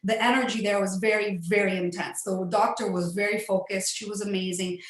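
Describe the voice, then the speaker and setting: A woman's voice: mid-range voice, steady tone, fairly quick. A middle-aged woman telling a personal story in an earnest, upbeat way, laughing often. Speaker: facilitator. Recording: echoey room.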